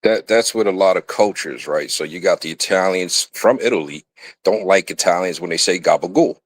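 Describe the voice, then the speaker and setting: A man's voice: low-pitched, moderate pace, slight background noise. A man on a casual panel chat, talking emphatically and leaning on filler phrases. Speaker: panel guest.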